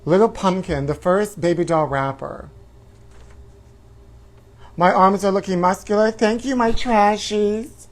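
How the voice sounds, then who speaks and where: A man's voice: sits high, measured pace, pauses often. A man doing a brassy camp tabloid-show hostess. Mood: campy gossip. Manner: drawling, calls everyone honey, sudden whooping shrieks. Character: brassy self-absorbed woman tabloid talk-show host. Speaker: host. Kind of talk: campy comedic live-stream character.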